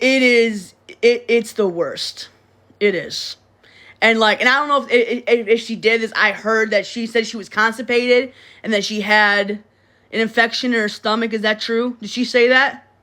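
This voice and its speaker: A woman's voice, a little high and fairly bright, chats loosely on a phone livestream. As host she repeats herself and restarts a lot, staying blunt and swearing often.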